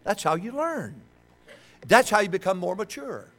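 A man's voice: high-pitched, normal speed. An older man preaching a sermon, joking and calling on the congregation to answer back. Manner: joking, animated, call-and-response with the congregation.

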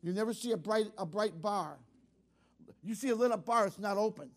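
An older man preaching a sermon to young people, folksy and direct, rising to loud fervent exclamations. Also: high voice, a little fast. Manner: folksy, addresses youth directly. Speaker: pastor.

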